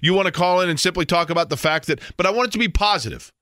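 Guy hosting sports radio, dry studio mic, gets animated telling stories. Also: sits high, rapid-fire, no room sound. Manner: storytelling, animated in quoted bits. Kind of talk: casual radio talk.

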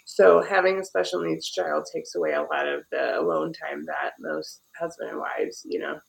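A woman's voice: low voice, lively intonation, normal speed, gravelly, rough recording. A woman on a podcast panel earnestly and patiently explaining her side in casual chat, touching on her faith.

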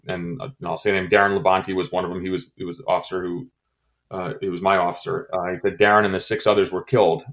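A middle-aged man from the United States, a former intelligence officer, recounting a personal story in an interview, halting with many fillers and restarts. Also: sits low. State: choked up.

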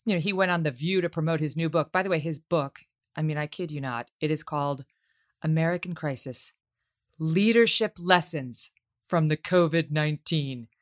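A woman's voice: low voice, normal speed. A woman hosting an interview podcast, talking in an incredulous, pointed way. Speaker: podcast host. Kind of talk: interview conversation.

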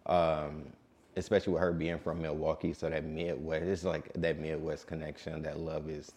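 A man in his late twenties from Detroit, a DJ talking calmly and in a laid-back way as an interview guest. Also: a bass voice, normal speed. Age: late 20s. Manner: calm, laid-back talker. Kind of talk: casual interview.

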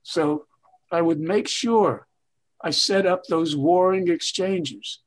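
An older man speaks as a guest in an interview, his voice sitting a little high for a man. He tells stories in an expansive, emphatic way, stretching his phrases for weight. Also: slow pace. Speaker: veteran TV writer and guest. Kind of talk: reflective interview storytelling.

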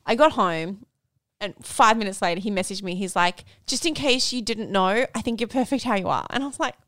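A woman's voice: medium pitch, brisk, dry recording. A woman in her thirties from Australia, co-hosting a podcast and telling a story with lots of laughter. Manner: giggly, animated storytelling. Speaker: podcast co-host. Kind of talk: casual chat.

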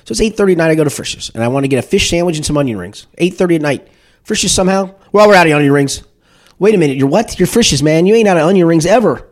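Animated dude ranting about sports on a podcast, kinda high voice, swoops around a lot. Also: male voice, very fast. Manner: animated, repetitive restarts, acts out shouted booing. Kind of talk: casual sports talk.

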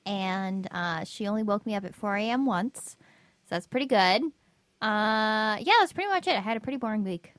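A woman's voice: mid-range voice, animated, normal speed, fairly bright tone, dry recording. A young woman co-hosting a casual podcast, talking in a dry, laid-back way. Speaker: podcast co-host. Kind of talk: casual chat.

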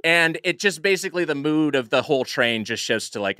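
Bright-voiced man telling a rambling story. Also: mid-range voice, steady tone, fairly quick, smooth, dry recording, clean studio sound. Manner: rambling storyteller with many fillers and restarts. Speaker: podcast co-host. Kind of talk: casual chat, telling an anecdote.

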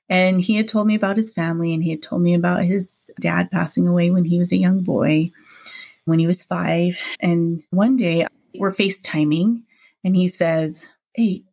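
A woman's voice: on the low side, vocal fry. Woman telling a personal story, laughing. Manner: lively storyteller, acts out quoted dialogue, laughs often. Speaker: podcast guest.

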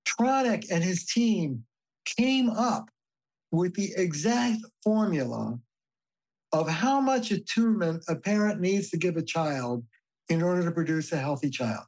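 An older man, a family therapist, talking as a guest in a podcast interview, telling stories in an animated, emphatic way and swearing casually. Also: sits high, poor audio.

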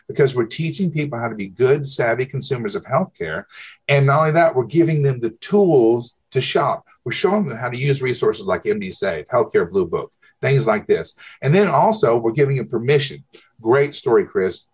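A man's voice: mid-range voice, slightly rough. A man telling client stories as a guest, emphatic and checking in with "okay?" after his points. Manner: emphatic, peppers speech with "okay?". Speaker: insurance broker guest. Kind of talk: conversational storytelling.

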